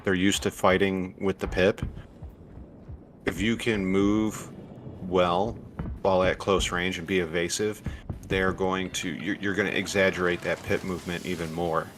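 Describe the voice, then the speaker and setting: A man giving casual gameplay commentary as a streamer, explaining tactics in a relaxed way with fillers and restarts. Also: low-pitched, unhurried, a little hiss or hum. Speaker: gaming streamer.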